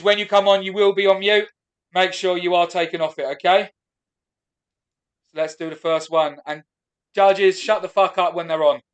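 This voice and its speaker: A man's voice: high voice, a bit bright. A man hosting a live comedy stream, giving blunt, bossy instructions to guests and judges. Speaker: show host.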